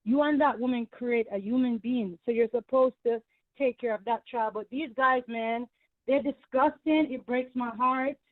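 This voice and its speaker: A woman's voice: on the high side, moderate pace, no room sound. Indignant woman on a phone line. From Caribbean. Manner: emphatic, repetitive, indignant. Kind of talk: heated call-in rant.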